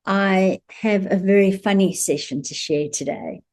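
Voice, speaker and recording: A woman's voice: medium pitch, a little slow, darkish tone. A woman who works as an animal communicator, telling a story to camera in a chatty, amused way with frequent laughter.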